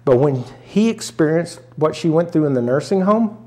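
A man's voice: on the high side, lively intonation, moderate pace, a little mellow. An older man from rural Arkansas, a guest in an interview, telling a personal story earnestly and often getting choked up. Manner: earnest, emotional, often choked up, acts out quoted family voices.

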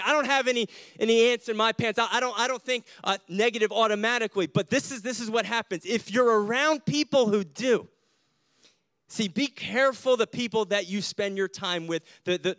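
A male pastor, not a native English speaker, preaching a sermon in an animated way and often repeating words as he builds his points. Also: high-pitched, no echo.

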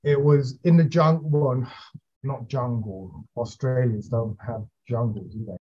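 Male actor guest, casual and halting, mid-pitched, lo-fi audio. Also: dark tone, slightly rough. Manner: hesitant, many fillers and restarts, chatty. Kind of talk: casual interview chat.

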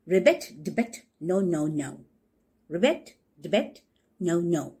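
Woman doing a croaky grumpy toad, husky, slow. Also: fairly low pitch, very animated, mellow, full character voice. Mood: dismissive. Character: grumpy green toad refusing help.

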